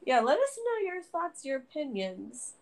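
Woman co-host, bouncy and higher-voiced, quick with joking asides. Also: very animated. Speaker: podcast co-host. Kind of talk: casual podcast chat.

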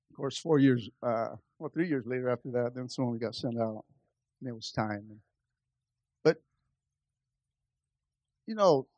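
A male pastor preaching a sermon at a church service, animated and acting out the voices he quotes. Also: medium pitch, moderate pace, pauses often, no echo.

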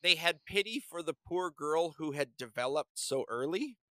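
A man's voice: on the high side, animated, normal speed, bright, forceful tone, dry recording. A man co-hosting a podcast, telling a story in casual, rambling chat full of restarts. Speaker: podcast co-host.

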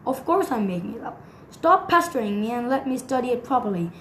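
A woman's voice: on the high side, sing-song, a little fast, fairly bright tone, slight background noise. Woman doing a tubby, teasing old professor. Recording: echoey room.

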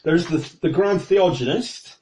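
A man's voice: a little high, measured pace, darkish tone, slight background noise, pitched above the performer's own voice, lightly acted, rough recording. A man playing a talkative middle-aged male camp follower who rambles on with many hesitations, in a tabletop game. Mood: informative.

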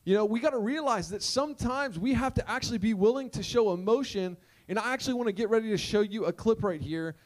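A man's voice: high-pitched, fast. A male pastor delivering a conversational sermon, emphatic and full of repeated rhetorical questions.

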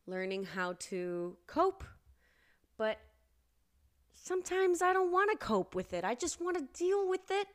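Young woman, podcast host, slow, earnest, casual solo talk, emphatic high bursts. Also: clean tone.

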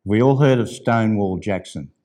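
A middle-aged male pastor preaching a sermon. He swings from soft, low asides to loud, emphatic declarations, and at times reads a letter aloud. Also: normal speed.

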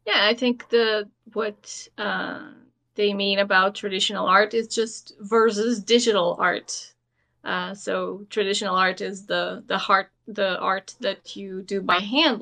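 A woman's voice: mid-range voice, steady tone, slow, creaky, pushed and bright. A woman from Portugal, an artist guest on a podcast, answering modestly and thoughtfully. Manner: modest, laughs easily, thoughtful. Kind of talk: casual interview answers.

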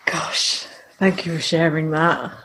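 Low-voiced woman hosting an interview. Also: normal speed. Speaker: podcast host.

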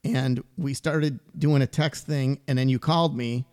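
A man's voice: mid-range voice, fairly even intonation, a little slow, a little mellow, clear, resonant tone, no echo, clean studio sound. Easygoing middle-aged man hosting a podcast. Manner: easygoing, rambling with fillers. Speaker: podcast host. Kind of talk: casual chat.

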